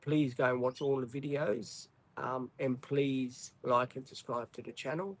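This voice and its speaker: A man's voice: medium pitch, steady tone, unhurried, no echo, poor audio. An Australian man hosting a livestream, chatting casually, apologetic and rambling with many ums. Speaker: livestream host. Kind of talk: casual live-stream chat.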